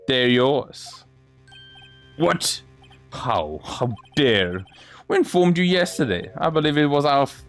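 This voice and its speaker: Reading a courtroom game out loud, this man performs all the characters on his own in a fairly high, heavily acted voice, occasionally tripping over words. Soft music can be heard behind him.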